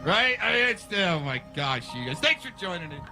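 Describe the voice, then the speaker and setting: A man's voice: high voice, sing-song, a little fast, over music, low-quality recording. A man hosting a live stream, rambling and conspiratorial as he talks over a replayed clip. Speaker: stream host. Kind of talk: casual commentary on a restreamed clip.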